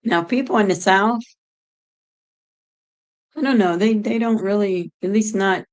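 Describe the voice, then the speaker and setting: A woman's voice: mid-range voice, measured pace, low-quality recording. A middle-aged woman from Ohio, chatting casually and rambling as she answers her viewers' chat. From Ohio, United States.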